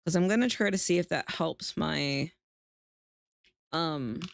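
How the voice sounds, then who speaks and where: A woman's voice: low voice, takes it slowly, creaky, noisy background. A sleepy woman streaming from home, chatting casually, swearing freely and laughing often. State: sleepy, yawning. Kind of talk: casual chat.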